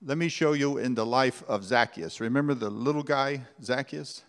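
A man's voice: medium pitch, moderate pace, fairly bright tone, clear, resonant tone. A man preaching a sermon, earnest and conversational, with rhetorical questions. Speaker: pastor. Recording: long hall reverb.

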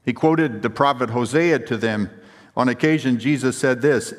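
A man's voice: medium pitch, moderate pace. Man preaching in a reverberant hall. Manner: emphatic preaching with rhetorical questions and storytelling. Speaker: pastor. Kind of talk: sermon.

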